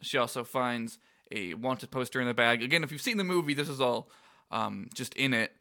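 A man's voice: mid-range voice, normal speed, bright, forceful tone. A man co-hosting a casual podcast, recapping a game with laughter, swearing and playful banter. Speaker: podcast co-host.

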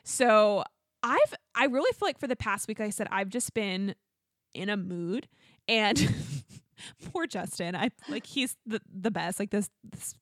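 A woman's voice: mid-range voice, lively intonation, unhurried, a bit bright, no echo, studio quality. A pregnant young woman co-hosting a podcast, telling a long story in casual chat with lots of "like"s and laughs. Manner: chatty storytelling, many "like"s, laughs often. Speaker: podcast co-host.

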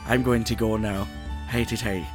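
A man's voice: lowish voice, fairly even intonation, moderate pace, music in the background. A man hosting a podcast in casual banter, joking and self-mocking as he catches listeners up. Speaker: podcast host.

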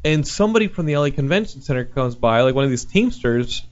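A man's voice: mid-range voice, fast. A man hosting a casual podcast, telling stories with lots of energy. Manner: animated storyteller, does curse-heavy impressions in quotes. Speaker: podcast host. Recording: dull lo-fi sound.

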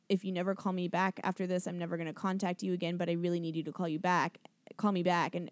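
A woman in casual podcast chat, talking fast with lots of fillers and laughs. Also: lowish voice, no room sound. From not from the American South. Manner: chatty, filler-heavy, laughing often.

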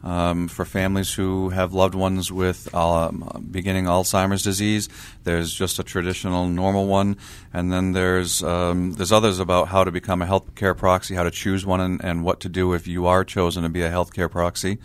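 A young man co-hosting a radio talk show, speaking in a measured way with frequent pauses and fillers. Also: sits low, completely flat delivery, clean tone. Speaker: radio co-host.

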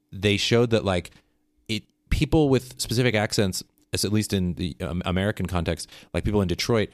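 A man's voice: lowish voice, no room sound, clean studio sound. A man with a Canadian accent, co-hosting a podcast, explaining things eagerly in a casual chat with many restarts. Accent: Canadian English. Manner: explanatory, enthusiastic, frequent restarts. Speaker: podcast co-host.

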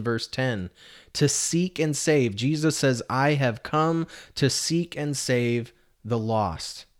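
Male pastor, mid-pitched voice, earnest conversational preaching, rhetorical questions. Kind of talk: sermon.

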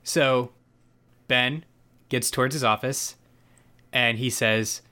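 A man's voice: mid-range voice, steady tone, slow, bright, forceful tone. A man in casual podcast chat, loosely retelling a TV episode with restarts and asides. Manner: loose, rambling storyteller with restarts. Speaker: podcast co-host.

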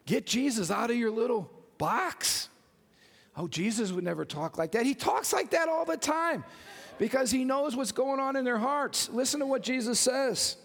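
Brief: high-pitched male pastor, animated sermon, long church reverb. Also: moderate pace, gravelly. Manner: animated, joking, calls out to congregation.

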